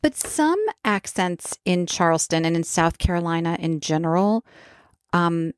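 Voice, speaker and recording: A woman co-hosting a podcast in casual chat, wry and unhurried, fond of big words. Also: on the low side, clean tone, dry recording. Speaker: podcast co-host.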